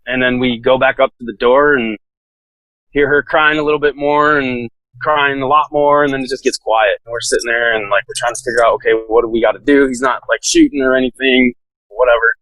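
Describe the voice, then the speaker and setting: A man's voice: mid-range voice, fairly even intonation, a little fast, a bit bright, dry recording, low-quality recording. A man telling a story in a casual, laid-back way, full of "like" fillers and laughing now and then. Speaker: podcast guest, SWAT officer.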